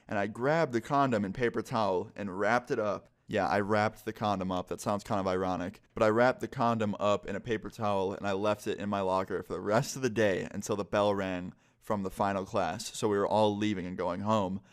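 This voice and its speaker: Young male vlogger, slightly low voice, casual profane storyteller. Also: steady tone, brisk, hardly any pauses.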